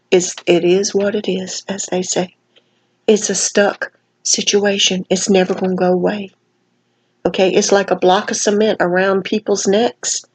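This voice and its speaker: Tired woman vlogger, slightly slurred, folksy emphatic commentary rant, average pitch. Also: a little mellow, slightly rough, poor audio. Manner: folksy, emphatic, sprinkles "honey" and "baby". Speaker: vlogger commenting on another channel.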